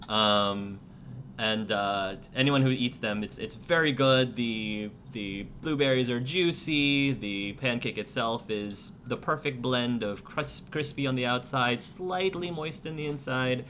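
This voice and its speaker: A man's voice: mid-range voice, unhurried, bright, forceful tone, slight background noise. A man narrating a tabletop game as game master, hesitant and full of fillers. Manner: hesitant, many fillers and restarts.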